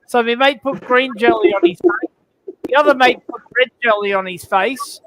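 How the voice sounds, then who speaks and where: A man's voice: extremely high pitch, normal speed, a bit bright, a little hiss or hum, low-quality recording. A man telling a crude joke in casual chat, stumbling and restarting as he goes.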